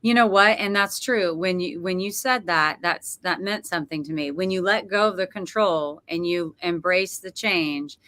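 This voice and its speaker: A woman's voice: on the low side, moderate pace, hardly any pauses, a bit bright. A woman co-hosting a talk show, reacting supportively in casual chat. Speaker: co-host.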